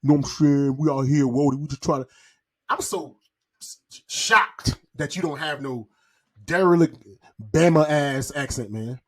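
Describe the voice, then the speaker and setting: A young man from Florida talks loud and jokey on a podcast. His voice sits somewhat high, and he keeps things rowdy and playful. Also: measured pace. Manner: loud, joking, breaks into improvised raunchy song. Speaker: podcast co-host. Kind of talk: casual comedic chat.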